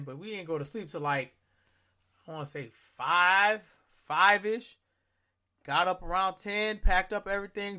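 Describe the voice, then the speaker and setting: A man with a high, bright, forceful voice tells stories as a podcast co-host. His talk is casual and slangy, and he gets animated as he goes. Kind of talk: casual storytelling chat.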